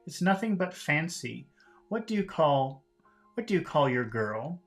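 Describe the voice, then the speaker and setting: A man's voice: fairly high pitch, very animated, measured pace, soft background music, pitched above the performer's own voice. A man reading aloud as a stern, bossy elderly aunt from a classic novel, in a clipped, raised voice. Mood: brisk.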